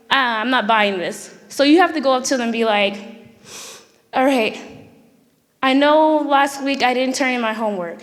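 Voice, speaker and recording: Woman, high voice, casual comic talk, acts out lines, echoey auditorium. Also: fairly bright tone. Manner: casual, acts out quoted dialogue. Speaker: student speaker. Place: school theater stage.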